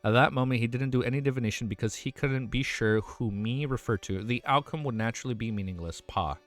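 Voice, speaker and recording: A man's voice: medium pitch, quick pace. A man hosting his channel, reading a web novel aloud and breaking off to react with swearing and emotional outbursts, stumbling over lines. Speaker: channel host.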